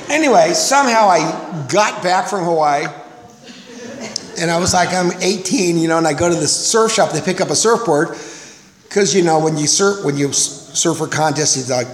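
An older man from California telling a rambling, self-mocking story to an audience, acting out the voices he quotes. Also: a little high. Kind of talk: personal recovery story to an audience. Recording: echoey hall, faint noise.

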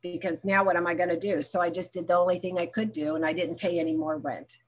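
A woman at a recovery meeting gives frank personal testimony, acting out remembered dialogue with self-mocking humor. Her voice is lowish and husky, her delivery flat and quick.

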